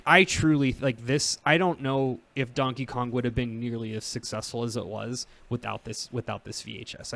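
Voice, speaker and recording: A man in his thirties with a gravelly, medium-pitched, fairly bright voice hosts a podcast. He chats casually, wandering off track with lots of fillers and regular laughter.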